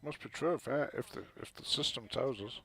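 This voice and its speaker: A man's voice: medium pitch, brisk, gravelly, bright, forceful tone, husky. A man streaming a space trading game, chatting casually and muttering to himself as he plays. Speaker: gaming streamer. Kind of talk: casual gameplay commentary.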